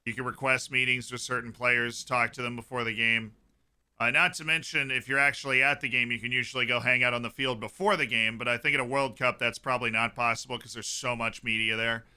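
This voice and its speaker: Bright, crisp-voiced male streamer. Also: medium pitch, a little fast. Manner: chatty, reacting with sudden excited outbursts. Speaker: streamer hosting a watchalong. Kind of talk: casual live commentary.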